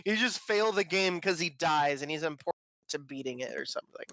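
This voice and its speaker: A man joking around on a casual podcast, swearing freely and jumping in with quick interjections over his friends. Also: a little high, animated, bright, forceful tone, no echo. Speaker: podcast co-host. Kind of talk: casual chat among friends.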